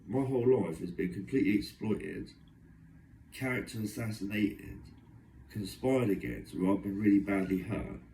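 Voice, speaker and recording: A young man with a low, deep voice pours out a rambling, aggrieved monologue. He talks in long run-on strings of complaint. The recording is roomy and echoey, with the voice sitting back from the microphone over a faint background hum. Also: warm tone, distant mic. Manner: aggrieved, agitated, run-on storytelling. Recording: echoey room, voice away from mic.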